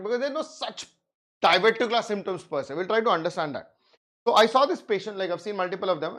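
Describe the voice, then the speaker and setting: A middle-aged man with an Indian English accent teaching surgery, telling a patient story and acting out the dialogue. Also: a little high. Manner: animated storyteller, acts out dialogue, mixes in Hindi. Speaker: surgery lecturer. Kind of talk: medical lecture with anecdote.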